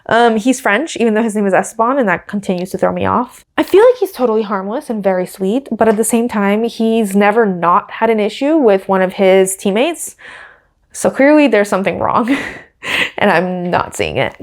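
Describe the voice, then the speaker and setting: A young woman hosting a podcast, talking in a casual, gushing and opinionated way with lots of fillers. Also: medium pitch. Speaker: podcast host. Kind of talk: casual chatty commentary.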